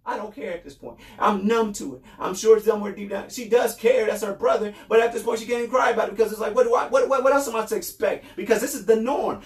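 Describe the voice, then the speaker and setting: A man's voice: sits high, fast, hardly any pauses. A man from New York State hosting a podcast, giving an impassioned, repetitive monologue and often raising his voice. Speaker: podcast host. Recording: roomy echo.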